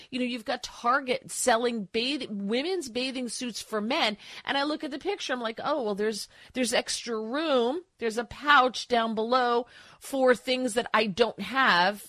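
A woman's voice: a little high, no echo. A woman guest-hosting a talk radio show, chatting in an emphatic, opinionated way with many asides.

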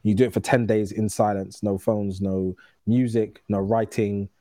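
A man's voice: fairly low pitch, flat delivery, warm tone, dry recording. A man in his thirties, a guest telling candid personal stories in casual conversation, often restarting his phrases. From United Kingdom. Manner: candid, storytelling, quick restarts.

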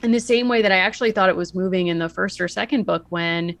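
A woman co-hosting a casual book-discussion podcast, animated and acting out characters' lines. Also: fairly low pitch, fast talker, gravelly, no room sound. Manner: animated, acts out characters' lines with rising excitement. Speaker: podcast co-host.

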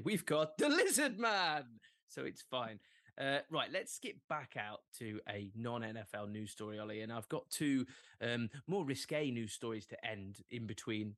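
Animated English man, lively podcast chat. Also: mid-range voice, dry recording. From England. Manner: animated, jokey, fond of asides. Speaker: podcast co-host. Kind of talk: casual chat.

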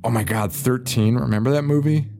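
A man's voice: medium pitch, a little fast, background noise. A man co-hosting a horror movie podcast, chatting casually, rambling and swearing with frequent laughter. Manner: rambling, profane, laughs often. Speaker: podcast co-host. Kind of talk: casual film-review chat.

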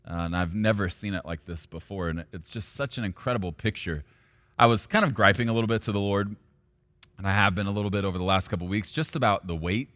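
A male pastor preaching a sermon, at times rising to loud, high-pitched intensity.

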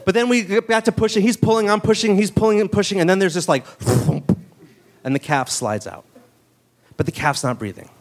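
A man with a slightly raised pitch tells a live story in a loose, conversational way. He keeps stopping to throw in "like" and quick asides, so the telling stays casual and chatty.

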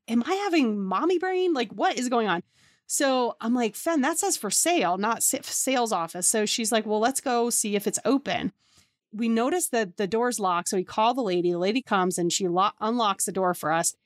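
Woman, 30s, podcast host, casual storyteller, animated quotes, dry booth sound. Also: mid-range voice, no room sound. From New York area. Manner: chatty, acts out quoted dialogue with lots of "like".

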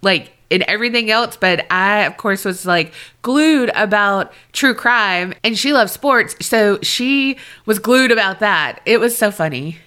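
A woman's voice: medium pitch, expressive, a little slow, hardly any pauses, bright, forceful tone, clear, resonant tone. A woman co-hosting a podcast, bubbly and blunt, laughing often. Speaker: podcast co-host. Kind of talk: casual chat.

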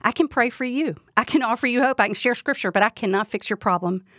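A woman's voice: a little high, fast talker, fairly bright tone, dry recording, studio quality. A woman giving a devotional Bible teaching, speaking earnestly and asking the listener direct questions.

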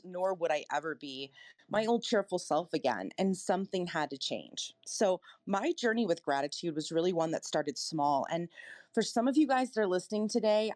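A woman's voice: on the low side, a little mellow, no room sound. A woman giving a heartfelt motivational talk to a live audio room, earnest and emotional, speaking straight to her listeners.

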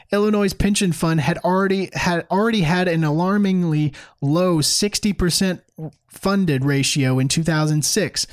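Male commentary host, higher-pitched, sarcastic and emphatic delivery. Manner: sarcastic, mocking; animated, emphatic. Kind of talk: opinionated commentary.

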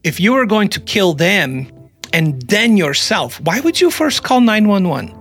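A man's voice: high-pitched, sing-song, a little slow, fairly bright tone, faint music behind. A man hosting a casual true-crime podcast, joking and rambling, often restarting sentences. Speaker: podcast host.

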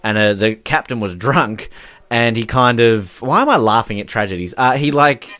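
A man's voice: mid-range voice, animated, moderate pace, fairly bright tone, dry recording. A man co-hosting a casual film commentary podcast, joking, laughing often and restarting his sentences. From Australia. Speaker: podcast co-host. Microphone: video call headset or desk mic.

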